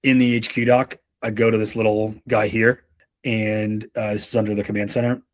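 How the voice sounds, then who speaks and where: A man's voice: on the low side, little pitch movement, normal speed. A man leading a sales coaching session, telling rambling anecdotes with frequent swearing. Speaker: sales leadership trainer. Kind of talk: casual coaching talk.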